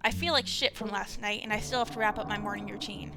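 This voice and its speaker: A woman's voice: medium pitch, steady tone, quick pace, vocal fry, crowd noise, lightly acted. A woman voicing a wry young heroine who speaks in a pointed, sarcastic way.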